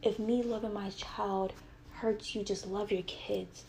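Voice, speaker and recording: A woman's voice: mid-range voice, fairly even intonation, unhurried, vocal fry, darkish tone, a little hiss or hum. A young adult woman telling a personal story with earnest, heated retelling and quoted dialogue.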